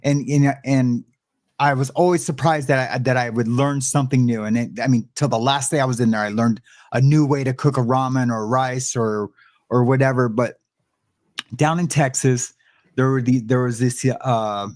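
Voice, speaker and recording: A man's voice: medium pitch, steady tone, normal speed, darkish tone. A man casually sharing prison stories, rambling and searching for words with frequent restarts. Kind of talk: casual storytelling chat.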